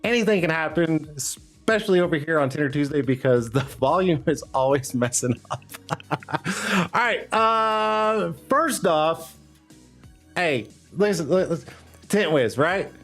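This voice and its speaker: Guy hosting a live stream, kinda high voice, rambly and hyped, faint music behind. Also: lively intonation, a little slow, a bit bright. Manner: loose, rambling, hype talk with frequent "uh" and laughs. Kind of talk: casual live stream chat. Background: faint background music.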